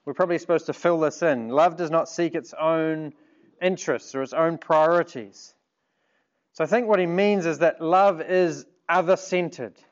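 A man preaching a sermon in an earnest, measured way, asking rhetorical questions. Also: a little high, muffled recording.

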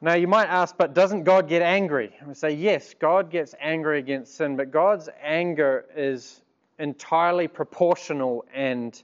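Guy preaching a sermon, kinda high voice, earnest and measured, dull lo-fi audio.

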